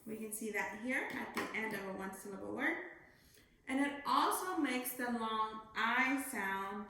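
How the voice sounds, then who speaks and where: A woman teacher giving a phonics lesson to young children, speaking slowly and enunciating clearly. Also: on the high side, pushed and bright. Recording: very echoey room, faint noise.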